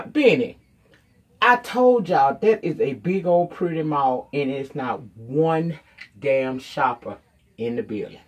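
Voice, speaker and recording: A woman with a low, husky voice reviews a TV episode in a loose, off-the-cuff recap. She's blunt, profane and sassy, acting out the characters' lines as she retells what happened.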